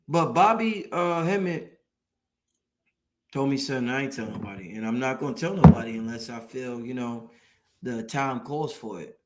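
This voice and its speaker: A man's voice: mid-range voice, animated, normal speed, a little hiss or hum. A man hosting a late-night online show, giving an emphatic, preachy motivational talk that repeats points and swears casually. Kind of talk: motivational live-stream talk.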